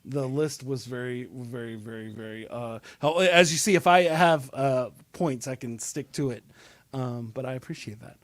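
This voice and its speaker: A man's voice: medium pitch, normal speed, no room sound. A man hosting and producing a podcast, chatting casually and freestyling a half-sung rap. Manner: improvised rhyming over a beat, half sung. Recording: music playing loudly behind. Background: beat music.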